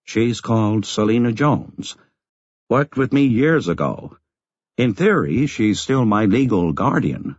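A man voicing a calm, mildly self-deprecating elderly man in an audiobook. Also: lowish voice, slow pace, dry recording, muffled recording, exaggerated voice. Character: elderly tall white-haired man, calm, modest.

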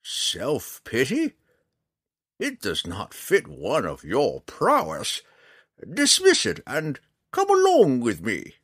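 A man voicing a wry, charming old male forest ranger in an audiobook, speaking slowly and theatrically. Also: wildly swooping pitch, a bit bright, slightly rough, dry recording, clean studio sound, heavily acted. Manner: slow, booming, theatrical delivery.

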